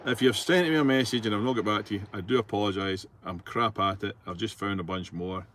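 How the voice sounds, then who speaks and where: A middle-aged Scottish man talks a little fast in a fairly low, slightly bright voice while driving his truck. He chats casually and reads out viewer messages, rambling easily with plenty of fillers. Slight background noise comes through in the cab.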